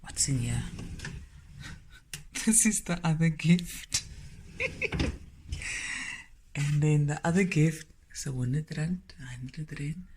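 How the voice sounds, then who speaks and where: South african lady chatting at home for her cooking vlog, slow easy talk, background noise. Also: low-pitched, mellow. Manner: chatty, homely, explaining as she shows things. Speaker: cooking channel host. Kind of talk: casual vlog chat.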